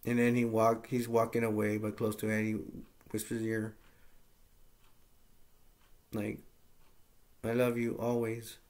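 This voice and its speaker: A man's voice: on the low side, monotone, measured pace, pauses often. A man casually recapping and reviewing a movie, rambling with lots of fillers and getting enthusiastic.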